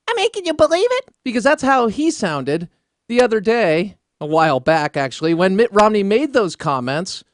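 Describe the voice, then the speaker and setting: A man's voice: high-pitched, a bit bright, no echo, clean studio sound. A man hosting a political talk radio show, combative and sarcastic, rambling through asides. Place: radio studio.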